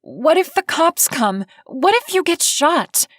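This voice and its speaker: A woman's voice: high-pitched, slow, dry recording, studio quality, voice pushed up. A woman voicing an anxious, flustered young woman, her lines lifted, eager and nervous in an audiobook.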